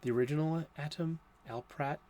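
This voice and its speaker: A man's voice: a little high, brisk, warm tone, a little hiss or hum. A middle-aged American man hosting a casual chat, rambling with many fillers and restarts. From United States. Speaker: host.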